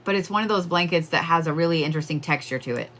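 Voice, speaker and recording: A woman's voice: low-pitched, very fast, fairly bright tone, slight background noise. A woman giving casual psychic readings on a livestream, chatting with viewers and laughing often.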